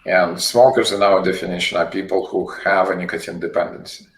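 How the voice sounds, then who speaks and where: A man, a company CEO guest, answering interview questions in a halting way, often repeating words while he searches for phrasing. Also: deep voice, fairly even intonation. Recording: echoey room with faint noise.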